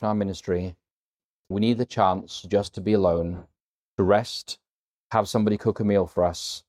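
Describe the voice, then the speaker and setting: Earnest, slightly low-voiced male preacher. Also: darkish tone. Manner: earnest, emphatic, varies emphasis when quoting. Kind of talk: sermon.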